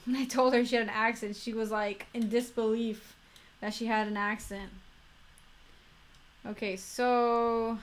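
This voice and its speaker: A woman's voice: on the high side, a bit bright. A young woman with a Florida accent, chatting casually on a livestream while building a model kit, rambling and correcting herself as she goes.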